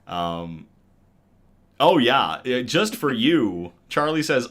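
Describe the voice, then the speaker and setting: A man's voice: mid-range voice, big pitch swings, slow, a bit bright. A man hosting a casual livestream chat, reading viewer comments aloud and laughing often. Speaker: host.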